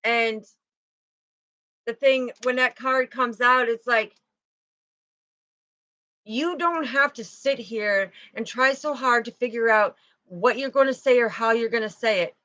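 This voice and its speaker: Chatty woman tarot reader, higher voice. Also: unhurried, long pauses, bright, forceful tone, dry recording. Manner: chatty, with frequent "you know" and "okay". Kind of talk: casual spiritual card reading.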